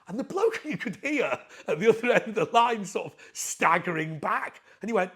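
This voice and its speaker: English man, casual anecdote, husky voice, slightly high, acts out dialogue. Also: sing-song, a little fast, a bit bright. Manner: chatty, cheeky, acts out dialogue with shifting voices. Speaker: storyteller, channel host.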